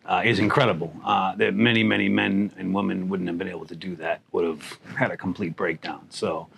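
A man's voice: low-pitched, flat delivery, brisk, vocal fry, a bit bright, breathy edge. A man hosting an interview show, who mostly answers with short affirming words before summing up the guest's story. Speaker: podcast host. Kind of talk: interview conversation.

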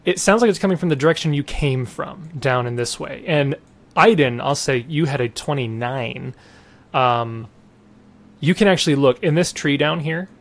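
A man narrating as game master in a casual, halting way, full of fillers and restarts. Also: a little high.

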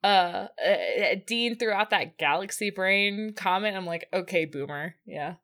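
Slow-talking giggly woman co-host. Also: medium pitch, a bit bright. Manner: giggly, gushing, stumbles over words. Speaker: podcast co-host. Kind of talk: casual chat, episode recap.

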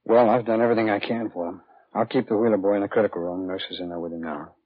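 An actor playing a weary, blunt middle-aged doctor who speaks plainly, in an old radio drama. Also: male voice, lowish voice, steady tone, rapid-fire, no room sound, natural voice. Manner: plain-spoken, turns sharply scolding. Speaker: hospital doctor. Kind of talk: 1950s radio drama acting. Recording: dull old radio broadcast.

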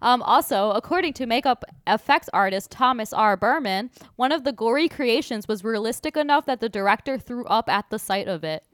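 A woman's voice: a little high, expressive, fairly quick, hardly any pauses, fairly bright tone, dry recording, studio quality. A woman co-hosting a movie podcast, chatting playfully and reading out trivia. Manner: playful, teasing, reads out trivia. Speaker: podcast co-host. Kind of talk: casual movie chat.

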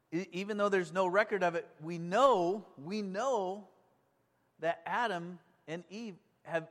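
A man preaching with a high, light voice that gets excited and asks his listeners questions in a chatty, animated way. His voice rings out with a long reverb, as in a large church sanctuary. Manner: enthusiastic, conversational, asks the congregation questions. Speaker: pastor. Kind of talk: sermon.

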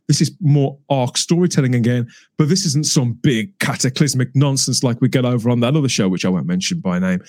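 A man's voice: mid-range voice, darkish tone, no room sound. A man in a casual podcast discussion, talking with enthusiasm and frequent restarts. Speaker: podcast co-host.

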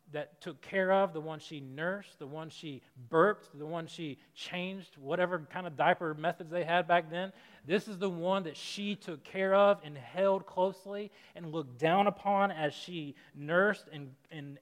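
A man's voice: fairly high pitch, a bit bright. A man preaching a conversational sermon, acting out quotes with rising emphasis. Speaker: pastor. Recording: long hall reverb.

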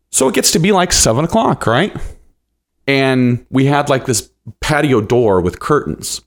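Animated man telling a story. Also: mid-range voice, measured pace. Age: 30s. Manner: animated, acts out the voices of people in his stories. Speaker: podcast host. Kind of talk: personal storytelling monologue.

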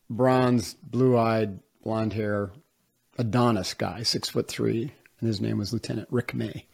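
A man from upstate New York, a guest in an interview, telling a story in a casual, animated way and acting out the voices of the people he quotes. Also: medium pitch, vocal fry. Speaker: interview guest, former Navy SEAL.

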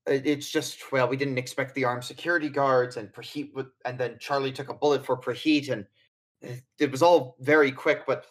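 A man's voice: mid-range voice, steady tone, normal speed, lightly acted, rough recording. A man voicing a shaken young man bringing bad news, stammering and apologetic. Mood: distraught.

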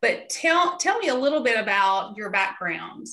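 A woman's voice: medium pitch, very animated, normal speed, a bit bright. A woman podcast host with a Southern accent, reading a recipe and chatting in a friendly, talkative way. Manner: friendly, chatty, addresses listeners as y'all. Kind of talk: recipe reading and interview chat.

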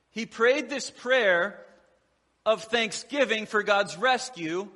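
Bright, high-voiced pastor preaching in a hall. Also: male voice, slow. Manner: conversational preaching with humor and acted quotes. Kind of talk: sermon.

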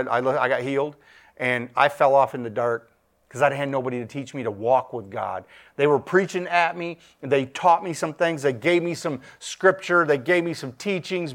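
A man's voice: mid-range voice, a bit bright. A middle-aged man giving a testimony at church in a sermon style, emphatic, repeating himself, his voice swelling and dropping.

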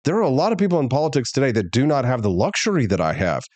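A man's voice: medium pitch, sing-song, rapid-fire, darkish tone, dry recording. A man hosting a political talk show, speaking candidly and emphatically. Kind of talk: casual political commentary.

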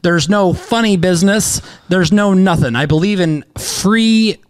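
Speaking at a measured pace, a podcast host in his thirties who's into sports betting talks in a high-pitched, rambling, excitable way. His casual show is full of "um"s and offhand curses.

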